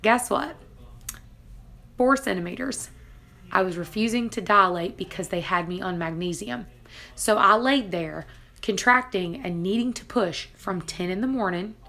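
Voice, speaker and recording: Bright-voiced woman telling a dramatic story. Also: mid-range voice, creaky. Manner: dramatic retelling, laughs between lines. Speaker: family homestead vlogger. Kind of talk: casual personal storytelling.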